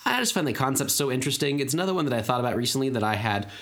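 A man's voice: medium pitch, animated, racing, fairly bright tone. Guy in his 30s rambling on a podcast, lots of ums and uhs, easygoing chat. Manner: rambling, many fillers and restarts. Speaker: podcast co-host. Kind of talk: casual chat.

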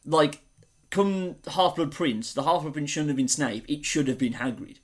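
A man's voice: a little high, expressive, moderate pace. A man co-hosting a casual chat, talking with gushing enthusiasm. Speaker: podcast co-host.

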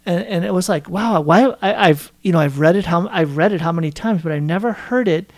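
A middle-aged man co-hosting a faith podcast, speaking in a thoughtful, quietly amazed way. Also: sits high, a little fast. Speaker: podcast co-host. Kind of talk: casual faith conversation.

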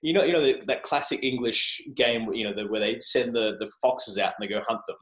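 A man's voice: medium pitch, brisk, fairly bright tone. An Australian man chatting as a podcast guest, rambling and self-deprecating. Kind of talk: casual interview chat. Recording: roomy echo.

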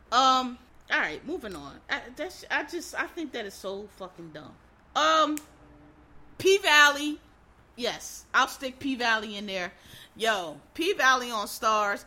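Sharp-voiced man ranting profanely. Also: very high voice. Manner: profane, exasperated, emphatic. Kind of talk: casual opinion rant.

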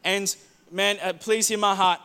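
A man preaching a sermon to a church congregation, passionate, repeating words and moving between loud declarations and soft asides. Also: high-pitched, fairly even intonation, a little slow, clear, resonant tone. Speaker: pastor. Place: church hall.

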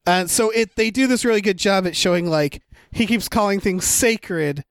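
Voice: medium pitch, moderate pace, clear, resonant tone, no room sound. Dry, close-sounding film podcast co-host. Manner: rambling, many fillers and restarts. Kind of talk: casual chat reviewing a film.

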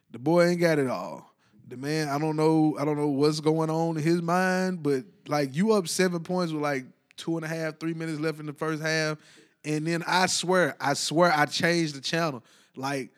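Man, slightly high-pitched, rambling casual sports talk, animated and colloquial. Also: normal speed. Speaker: basketball commentator.

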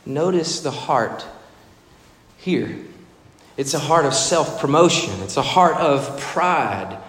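Guy preaching in a church, bit high-pitched, lots of room echo. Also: slow pace. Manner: expressive preaching, acts out quoted voices. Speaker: pastor. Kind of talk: sermon. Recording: echoey hall reverb.

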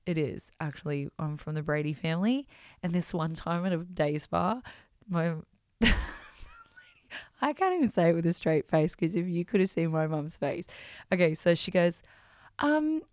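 A woman hosting a podcast, telling stories in an animated, self-mocking way and swearing freely. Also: low-pitched, smooth, dry recording, clean studio sound. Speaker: podcast host. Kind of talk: casual storytelling.

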